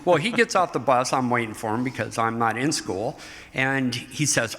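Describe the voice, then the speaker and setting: A middle-aged man, a guest in an interview, telling stories from his life in an animated way, often laughing. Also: mid-range voice, moderate pace. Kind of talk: storytelling interview. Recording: hall reverb.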